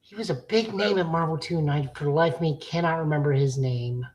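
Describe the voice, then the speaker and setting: A woman co-hosting a podcast in casual chat, with a slightly low voice. She is blunt and opinionated, peppering her talk with fillers as she reviews comics. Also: brisk, darkish tone, poor audio. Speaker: podcast co-host.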